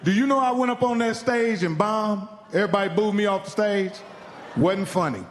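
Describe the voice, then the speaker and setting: Profane high-voiced man doing stand-up. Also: moderate pace, slight background noise. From Indiana. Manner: profane, animated storytelling with acted-out quotes. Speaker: stand-up comedian. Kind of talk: stand-up storytelling. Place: comedy club stage. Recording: live club sound with hall reverb.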